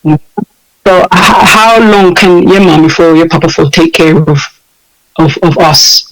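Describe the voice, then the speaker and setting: Interview guest: English-accented man, high voice, emphatic and animated, hammers his points home. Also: rough recording. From United Kingdom. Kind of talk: impassioned interview talk.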